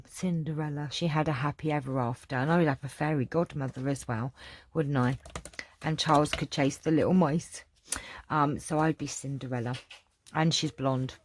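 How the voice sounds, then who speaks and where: A middle-aged English woman with an English accent, chatting casually and rambling with lots of ums as she answers viewer questions. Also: deep voice. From England. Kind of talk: casual chat.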